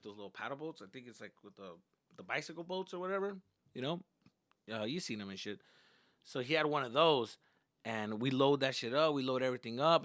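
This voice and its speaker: A man's voice: medium pitch, a bit bright, no echo, clean studio sound. A male comedian telling casual, profane childhood stories and slipping into Spanish at times. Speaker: stand-up comedian. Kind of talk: comedic storytelling.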